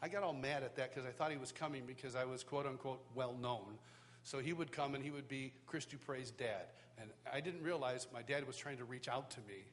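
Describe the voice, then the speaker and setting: Preaching live at a church worship school, this middle-aged man speaks briskly in a medium-pitched voice. As a worship teacher sharing his testimony, he pokes fun at himself and mimics the people he quotes, and a slight hiss or hum can be heard.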